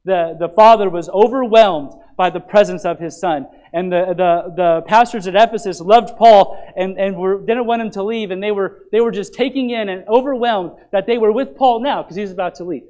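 A man's voice: high-pitched, moderate pace, hardly any pauses, poor audio. A man preaching a sermon as pastor, explaining scripture and asking the listeners questions. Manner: animated preaching, asks the congregation questions.

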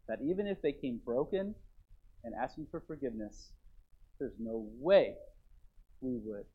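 A man's voice: medium pitch, slightly rough. Earnest preacher man, lo-fi sound. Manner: rises to emphatic then drops to quiet earnest. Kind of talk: sermon. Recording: dull lo-fi recording.

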